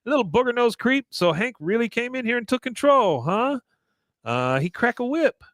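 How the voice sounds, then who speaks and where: A man voicing a brash, teasing adult woman in a high mocking falsetto while retelling a cartoon scene. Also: very animated, normal speed, a bit bright, no echo, clean studio sound, heavily acted.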